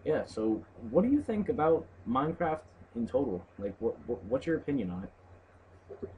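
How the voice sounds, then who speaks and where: A man's voice: mid-range voice, big pitch swings, moderate pace, darkish tone, muffled recording. A young man reading on-screen game text aloud in a loose, mumbling way, then chatting casually about the game. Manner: reads in a loose, mumbling way, skips words, laughs and swears. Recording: faint background noise.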